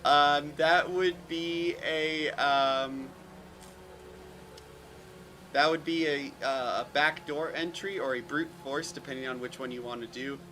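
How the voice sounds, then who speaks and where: A man's voice: fairly high pitch, steady tone, slow, bright, forceful tone, a little hiss or hum. A man running a tabletop game as game master, rambling with fillers and restarts.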